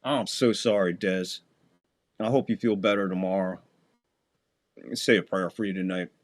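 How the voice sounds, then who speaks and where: A man with a low voice and steady tone, speaking at a moderate pace, hosts a live fan stream calling a football game play by play. Between snaps he chats casually with viewers, and his voice jumps up on big plays.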